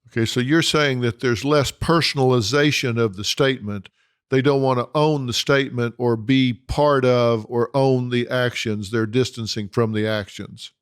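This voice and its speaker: A man's voice: mid-range voice, steady tone, normal speed, clean tone, no echo, clean studio sound. A man hosting a panel discussion, asking probing questions and pressing his guests for concrete examples. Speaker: talk show host.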